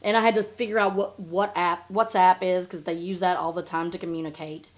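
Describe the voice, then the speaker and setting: A woman's voice: on the low side, steady tone, a little fast. A woman hosting a podcast, recapping in a blunt, profane, sarcastic casual chat. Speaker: podcast host.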